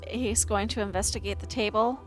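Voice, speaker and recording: A woman player briskly describing her character's actions in a tabletop game. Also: medium pitch, steady tone. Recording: faint music behind.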